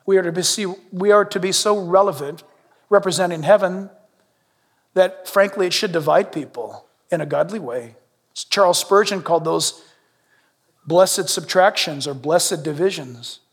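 High-voiced animated pastor in a reverberant hall. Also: male voice, normal speed, slightly rough. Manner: animated, humorous, shifts between loud and hushed. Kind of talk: sermon. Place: church sanctuary. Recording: long reverb in a large hall.

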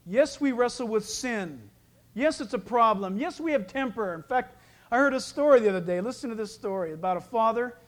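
Lively joking preacher man. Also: extremely high pitch, fairly quick. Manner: lively, joking preacher who acts out voices. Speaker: pastor. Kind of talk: sermon.

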